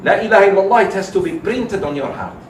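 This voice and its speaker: Animated preaching imam in an echoey hall. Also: male voice, sits high, fast talker, slight background noise. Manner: animated storyteller, swings from loud exclamations to soft asides. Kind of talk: sermon with storytelling. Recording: echoey hall, mic at a distance.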